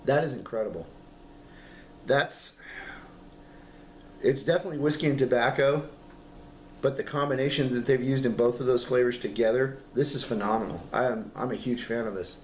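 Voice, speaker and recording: Coughing man reviewing in an echoey room. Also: mid-range voice. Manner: halting, repeats words, enthusiastic. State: fighting a lingering cough. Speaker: vape juice reviewer. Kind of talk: casual product review vlog. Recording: echoey room with background noise.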